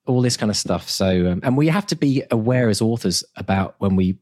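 A man's voice: fairly low pitch, expressive, a little fast, darkish tone. A man co-hosting a casual podcast chat, enthusiastic and prone to restarting his sentences. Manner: enthusiastic, repeats words when starting. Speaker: podcast co-host.

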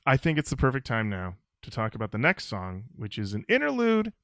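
A man hosting a podcast, telling stories in a jokey, animated way. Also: medium pitch, a little fast, no echo, studio quality. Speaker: podcast host. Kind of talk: casual podcast chat and storytelling.

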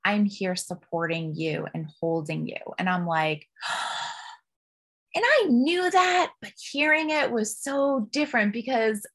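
Woman, podcast guest, candid storytelling, emotional, expressive, middle pitch. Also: unhurried, hardly any pauses. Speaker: podcast guest, business coach.

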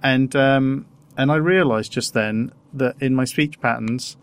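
A man hosting a casual podcast, rambling with halting restarts and self-deprecating asides. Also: medium pitch, smooth. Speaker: podcast host.

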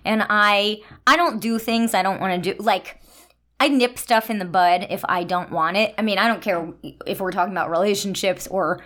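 A woman's voice: mid-range voice, moderate pace, a bit bright. A woman co-hosting a podcast, chatting playfully and telling a candid personal story. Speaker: podcast co-host. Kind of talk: casual chat and personal storytelling.

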